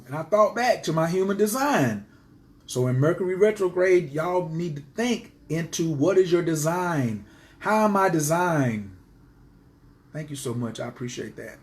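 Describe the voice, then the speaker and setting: A man's voice: mid-range voice, moderate pace, a little mellow. A man teaching astrology to his viewers in a casual live stream, speaking passionately and emphatically and driving his points home by repeating them.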